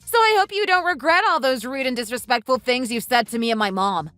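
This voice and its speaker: A woman's voice: high-pitched, fairly quick, bright, forceful tone, no room sound, soft background music. A woman voicing an indignant young wife in a voiced texting story, scolding in an earnest, exasperated way. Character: indignant young wife defending her family.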